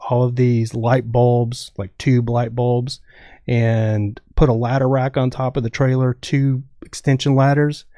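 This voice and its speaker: A man's voice: mid-range voice, mellow, dry recording, studio quality. A man from Texas telling a rambling story as a podcast guest, dropping "dude" often. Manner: rambling, says dude a lot. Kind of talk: casual storytelling.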